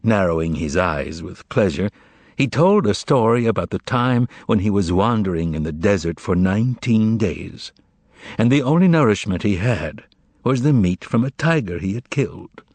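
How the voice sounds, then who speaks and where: Expressive low male narrator. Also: moderate pace, slightly rough, dry recording. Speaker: audiobook narrator. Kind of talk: scripted narration.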